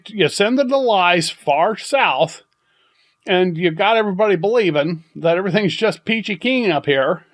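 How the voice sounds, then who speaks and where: An older man hosting a podcast, telling a story in a rambling, halting way with many restarts and chuckles. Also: high voice, a bit bright. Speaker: podcast host. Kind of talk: casual storytelling monologue.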